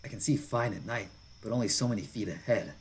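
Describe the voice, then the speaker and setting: Low-voiced man reading a visual novel. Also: fast, slight background noise, poor audio. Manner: narrating with asides and chuckles. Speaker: visual novel let's player.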